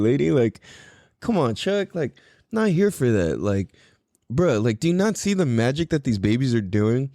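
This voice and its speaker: A man in his thirties, a podcast host, telling a story in casual chat, animated and profane, laughing often. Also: mid-range voice, normal speed, no room sound, clean studio sound.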